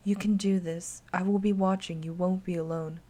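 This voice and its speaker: A woman voicing the gentle ghost of a young girl, speaking softly and calmly to reassure. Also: lowish voice, normal speed, natural voice. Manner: soft, calm, reassuring.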